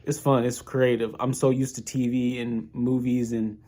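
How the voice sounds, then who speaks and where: A man's voice: medium pitch, flat delivery, moderate pace, warm tone. A young man casually recapping an audio drama episode, rambling and thinking aloud with many restarts. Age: young adult. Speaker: podcast reviewer.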